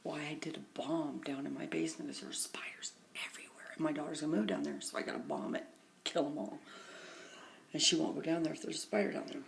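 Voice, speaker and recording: A tired middle-aged woman vlogging from her phone, telling a long, rambling everyday story and often dropping into a hushed half-whisper. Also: sits low, steady tone, fast, creaky. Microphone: phone camera.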